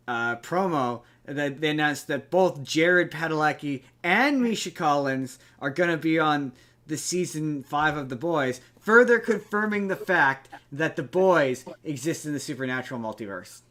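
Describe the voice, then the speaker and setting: Bright-voiced male podcast host. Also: on the high side, animated, measured pace. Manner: chatty, trails off mid-thought. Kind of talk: casual chat.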